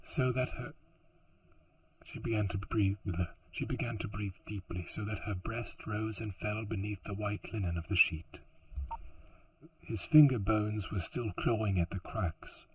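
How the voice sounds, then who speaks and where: Here a man narrates a fantasy audiobook at a measured pace, his lowish voice slightly rough, and he keeps fumbling and restarting lines with little jokes and rambling asides in between. The recording quality is low.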